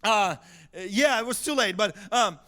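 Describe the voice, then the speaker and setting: A male pastor telling a story in a sermon, animated, shouting for emphasis and laughing often. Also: high-pitched, measured pace. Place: church sanctuary.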